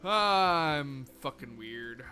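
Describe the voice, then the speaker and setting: Young male game streamer, muttery and profane with sudden outbursts, lively pitch, very bright voice. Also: drawn-out words, soft background music. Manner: muttering to himself, swearing, sudden excited outbursts. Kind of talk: live gameplay commentary.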